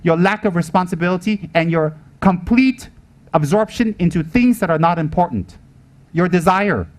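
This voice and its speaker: A man teaching the Dharma with a fairly high voice. He hammers his points home, repeats them and keeps asking rhetorical questions as he preaches. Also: animated, moderate pace. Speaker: Buddhist teacher.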